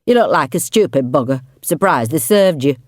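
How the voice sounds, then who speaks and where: A woman voicing a creepy middle-aged male investigator with a blunt, gruff Yorkshire accent. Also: low-pitched, lively intonation, normal speed, darkish tone, no room sound, studio quality. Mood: blunt, menacing.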